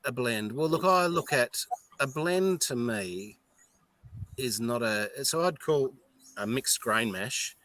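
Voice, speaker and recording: A man's voice: medium pitch, expressive, slow pace, fairly bright tone, no room sound. An Australian man, a distillery owner, telling frank and profane anecdotes in a casual podcast chat, a little tipsy from whiskey.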